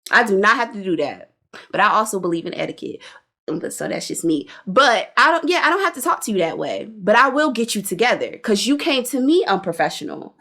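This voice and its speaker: Blunt, animated woman co-host. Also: medium pitch, a little fast, vocal fry. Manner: blunt and animated, with lots of slang and cursing. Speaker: podcast co-host reviewing a reality show. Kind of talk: casual opinionated chat.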